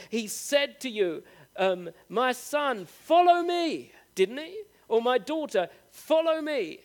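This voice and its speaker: A male preacher with a strikingly high voice delivers a sermon. He speaks earnestly and straight to his listeners. He leans on key phrases, drawing them out and lifting his pitch for emphasis. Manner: earnest, direct address to the congregation; rises with emphatic, drawn-out phrases.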